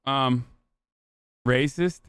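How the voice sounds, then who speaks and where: A man's voice: mid-range voice, very slow, fairly bright tone, smooth, dry recording. A young man hosting a livestream, reacting to videos in loose, profane, joking chat. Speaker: streamer host. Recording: dry close mic.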